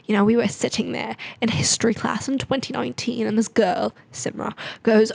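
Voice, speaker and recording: A woman's voice: fairly high pitch, unhurried, creaky, darkish tone, no room sound. A young woman vlogging in a chatty, rambling, self-mocking way. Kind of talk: casual vlog chat.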